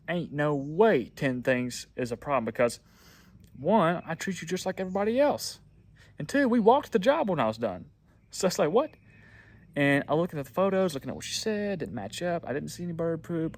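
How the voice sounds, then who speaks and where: Young man telling a rambling story. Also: mid-range voice. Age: young adult. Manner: rambling, repeats words, frequent ums. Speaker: pressure washing business owner. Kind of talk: casual storytelling vlog.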